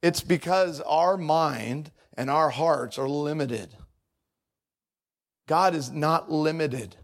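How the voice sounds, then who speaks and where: A man's voice: a little high, takes it slowly, vocal fry. A man preaching a sermon in a conversational, confessional way. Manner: conversational, confessional, mimics voices in anecdotes.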